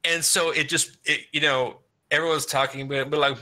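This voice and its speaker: A man co-hosting a podcast in casual chat, animated, laughing often and swearing freely. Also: mid-range voice, fairly quick, hardly any pauses. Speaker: podcast co-host.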